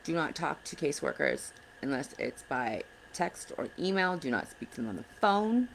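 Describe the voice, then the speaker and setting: Low gravelly woman giving blunt advice. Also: sing-song, moderate pace, slight background noise, rough recording. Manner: blunt, earnest, frustrated. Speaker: parent advocate vlogger. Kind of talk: casual direct-to-camera advice.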